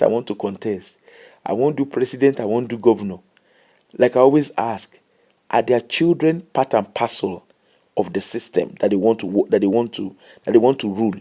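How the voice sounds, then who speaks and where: A man's voice: mid-range voice, mellow. A tired man with a Nigerian accent hosting a late live show, giving casual commentary and advice in English mixed with Pidgin.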